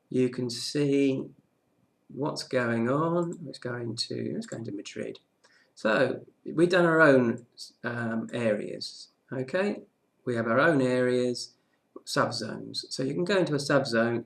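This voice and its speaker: A man talks through the day's property deals in a relaxed, informal update and keeps dropping in "okay" as he moves along. His voice has a gravelly edge at an ordinary middle pitch. He sounds like a regular presenter walking viewers through his own screen. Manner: chatty, many "okay"s and restarts. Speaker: property market news presenter. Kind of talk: casual daily market update with screen walkthrough.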